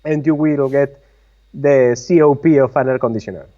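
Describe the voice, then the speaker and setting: A man's voice: medium pitch, fairly even intonation, normal speed, dark tone. A man co-hosting a casual live-stream chat from his workshop, patiently explaining technical details over a video call. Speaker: co-host. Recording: slightly muffled audio.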